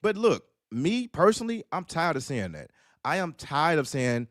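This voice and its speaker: A man's voice: on the high side, lively intonation, moderate pace, a bit bright, no echo, studio quality. A man talking on a streamed panel discussion, telling stories bluntly and preaching with profanity. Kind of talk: casual streamed panel talk.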